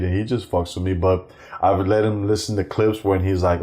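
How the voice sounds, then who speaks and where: A middle-aged male comedian telling profane, animated family stories, acting out the voices of the people in them. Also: deep voice, brisk. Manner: animated, acts out quoted voices, swears freely. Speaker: stand-up comedian, guest. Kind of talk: profane anecdotal storytelling.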